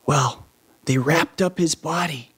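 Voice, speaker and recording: Brief: a lively man telling a story to children, voice a bit high, asks questions. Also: slow, slightly rough. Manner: animated, asks the listeners questions.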